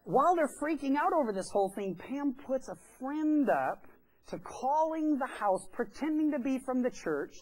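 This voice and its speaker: A man's voice: extremely high pitch, very animated, moderate pace, a little mellow, low-quality recording. A pastor telling a story during a sermon in a church. He talks in a chatty way and acts out the quoted voices. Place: church sanctuary.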